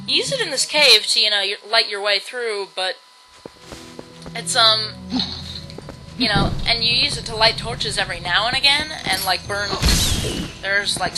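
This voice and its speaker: A woman's voice: on the high side, low-quality recording. A woman giving casual, rambling commentary on a game she is playing, with game music under her voice. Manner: rambling, hesitant, full of restarts and "like". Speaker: let's play host.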